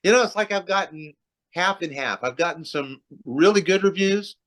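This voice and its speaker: Here a man's voice sits high and a bit bright, at a normal speed. He's a metal singer being interviewed casually over video call, talking loosely about his career and rambling through many restarts and fillers.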